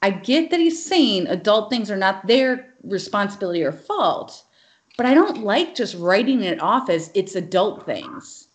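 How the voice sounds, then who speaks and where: A woman co-hosting a podcast, chatting casually and retelling an episode in an animated, opinionated way. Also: mid-range voice. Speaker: podcast co-host. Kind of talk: casual chat.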